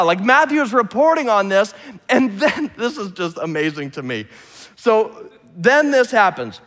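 A man preaching a sermon, retelling scripture with lively, humorous storytelling. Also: high voice, unhurried, in a large hall. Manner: animated storytelling, imagines scenes aloud with humor. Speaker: pastor.

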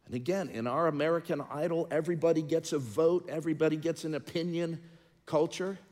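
A middle-aged man preaching as a pastor, moving between loud, emphatic passages and quieter, confiding talk. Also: fairly high pitch, fairly even intonation, a little fast. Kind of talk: sermon. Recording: long reverb of a large hall.

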